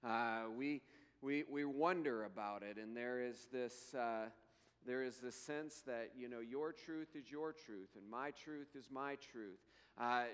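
A man preaching a sermon in an earnest way, slowing down and lifting his voice to read scripture. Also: mid-range voice, clear, resonant tone, big-room sound. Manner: slow, earnest preaching, rising to emphatic scripture readings. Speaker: pastor.

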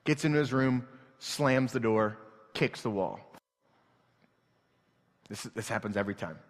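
A man's voice: mid-range voice, measured pace. Earnest preaching man in a reverberant hall. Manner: earnest, emotional preaching that swings from hushed to loud. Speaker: pastor. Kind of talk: sermon. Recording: long reverb from a large hall.

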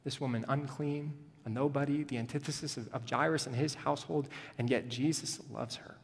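A male pastor preaching a sermon, moving between hushed, tender passages and rising, urgent emphasis. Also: medium pitch, fairly even intonation, a little fast, husky, in a large hall.

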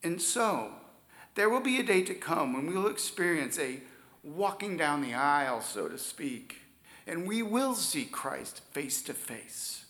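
A man preaching a sermon, stressing key words loudly and then dropping to near-whispers. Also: on the high side, big pitch swings, measured pace, reverberant. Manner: emphatic preaching, swings from loud stresses to soft near-whispers. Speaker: pastor.

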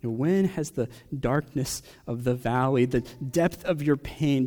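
A young adult man preaching a personal sermon, asking question after question with long pauses. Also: medium pitch, mellow. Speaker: pastor.

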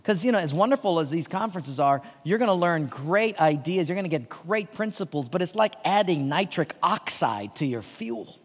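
A man speaking as a pastor at a leadership conference, telling a lively personal story and laughing along with it. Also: on the high side, normal speed, hardly any pauses. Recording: long hall reverb.

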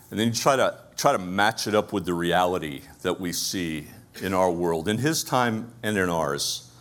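A man with a Brooklyn accent preaching a conversational sermon, asking his listeners rhetorical questions. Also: sits low. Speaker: pastor.

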